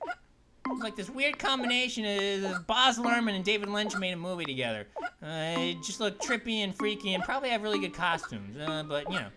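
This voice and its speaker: A performer voicing an upbeat, goofy male cartoon grape who hosts a let's play with excitable, punning commentary and yelps. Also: medium pitch, fairly quick, close to an everyday voice. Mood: goofy excited. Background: background game music.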